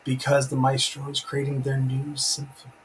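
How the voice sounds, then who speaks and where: A man's voice: medium pitch, monotone, moderate pace, slight background noise, rough recording. A man hosting a casual live stream, enthusiastic and rambling, breaking off to read out chat comments. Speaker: live-stream host reviewing a TV episode.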